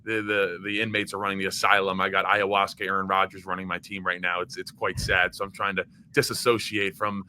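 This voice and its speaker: A young man from Maryland chats loosely as a podcast guest, stumbling through fillers and restarts. His voice sits a little low but sounds bright and forward, with a faint hum of noise behind him. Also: little pitch movement, a little fast, few pauses. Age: young adult. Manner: chatty and loose, with fillers, restarts and bursts of laughter. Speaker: podcast guest, former college football player. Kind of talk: casual chat.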